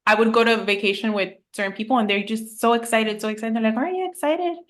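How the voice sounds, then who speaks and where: A woman's voice: fairly high pitch, little pitch movement, fast talker, a bit bright. A woman life coach in a casual podcast chat, telling personal stories candidly and with animation, swearing now and then.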